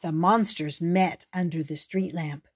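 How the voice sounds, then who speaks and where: An older woman reads a children's storybook aloud, gentle and expressive. Her delivery is very slow and unhurried, each sentence laid out carefully for young listeners. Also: on the low side, slight background noise. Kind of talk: reading a picture book aloud.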